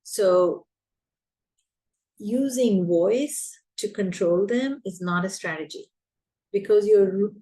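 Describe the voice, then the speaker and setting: A woman's voice: medium pitch, slow, pauses often, dark tone, poor audio. A woman coaching teachers, speaking emphatically and repeating her key points. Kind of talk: advice talk to teachers.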